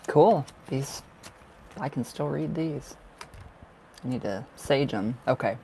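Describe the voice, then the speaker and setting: A man's voice: mid-range voice, slow pace, vocal fry, pauses often, dark tone, a little hiss or hum. A man giving tarot card readings on a casual livestream, affectionate and gushing, laughing often as he chats to viewers. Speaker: tarot reader.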